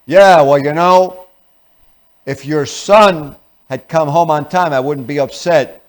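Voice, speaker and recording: A man voicing an irritated spouse who complains loudly about the household. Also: high voice, moderate pace, natural voice. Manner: loud, complaining.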